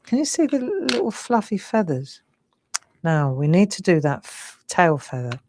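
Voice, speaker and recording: Here the English craft demonstrator, a woman in her sixties, sounds very animated at a moderate pace, her fairly low voice tinged with a slight Cockney accent. Drawing live, she chats warmly and keeps saying "look" and "lovely."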